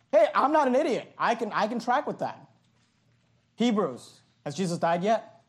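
A man preaching a passionate sermon, reading scripture slowly and emphatically and adding sarcastic asides. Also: very high voice, expressive. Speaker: pastor.

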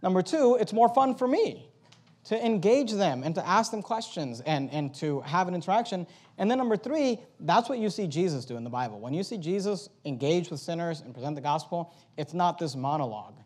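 A man teaching a method for sharing the gospel. He works through numbered steps, acts out sample conversations, and reads verses slowly to stress each word. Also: high voice, expressive, a little mellow. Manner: walks through steps and role-plays dialogue; slow emphatic verse reading. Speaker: evangelism trainer.

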